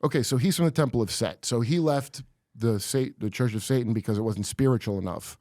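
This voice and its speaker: A man's voice: medium pitch, brisk, mellow, no room sound, clean studio sound. A man who is a comedian guest on a podcast, telling rambling, conspiratorial stories in casual chat.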